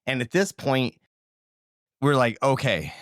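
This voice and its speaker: A man's voice: mid-range voice, moderate pace, no echo, studio quality. A man telling a story on a podcast, laughing often and acting out sounds. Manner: animated, laughs often, acts out sounds and quotes. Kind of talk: casual storytelling.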